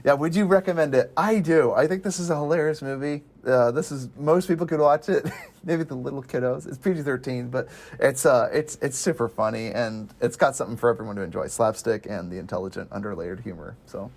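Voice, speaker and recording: A man's voice: mid-range voice, fairly quick, gravelly, darkish tone. A man hosting a casual movie review podcast, talking animatedly and often laughing as he acts out lines from the film. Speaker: podcast host.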